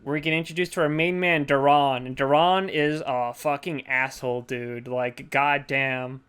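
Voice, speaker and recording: A man's voice: mid-range voice, moderate pace, clear, resonant tone. A man co-hosting a casual movie podcast, swearing often and mocking characters in put-on voices. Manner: profane, animated, acts out characters in mocking voices. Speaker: podcast co-host.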